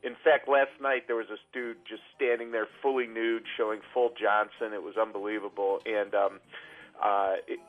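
A man's voice: fairly low pitch, flat delivery, moderate pace, phone-quality sound. A man calling into a radio show as a regular guest, chatting with enthusiasm and rambling through many fillers. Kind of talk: casual on-air chat.

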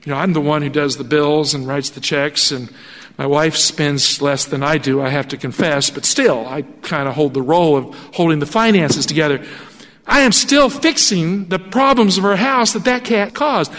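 Animated pastor in an echoing church. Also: male voice, a little high, normal speed. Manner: animated storytelling with acted-out quotes. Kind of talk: sermon. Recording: long hall reverb.

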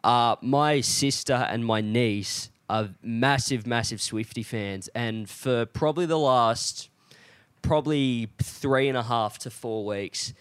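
A man's voice: mid-range voice, slow, smooth, dry recording. Laid-back Australian man telling a story. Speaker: podcast co-host, comedian. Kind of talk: casual chat.

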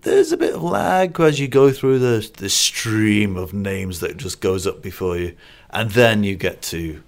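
A man's voice: lowish voice, animated, unhurried, vocal fry. A man co-hosting a film review podcast, chatting casually and rambling a little with restarts and asides. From Singapore-based. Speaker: film critic podcast co-host.

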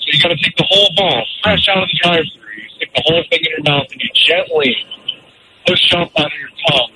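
A male caller on a cell phone, talking eagerly to the radio hosts. His voice sits a little high. The line carries a lot of noise. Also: fast talker. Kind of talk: call-in chat.

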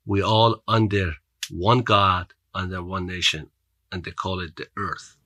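A man's voice: low-pitched, level tone, a little slow, pushed and bright, no room sound. A man with a foreign accent, a podcast guest telling his story in an earnest, motivational way with frequent restarts. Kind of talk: storytelling in an interview.

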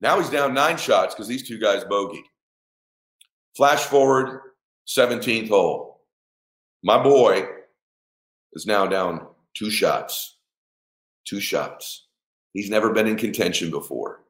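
A middle-aged father telling a personal story in an emphatic way. He swears, acts out the dialogue and breaks into shouts at the high points. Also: animated, takes it slowly, long pauses. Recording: echoey room.

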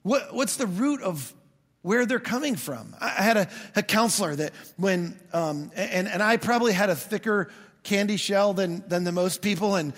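A man's voice: high-pitched, fairly bright tone. A man preaching a sermon as pastor, in a conversational, storytelling way with touches of humor. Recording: long hall reverb.

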